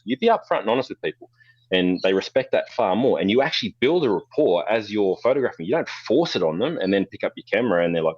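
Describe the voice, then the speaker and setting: A photographer guest in a casual storytelling interview, this Australian man has a deep voice and talks fast, blunt and animated, swearing freely. The recording is dry and a little dull, with no room sound at all.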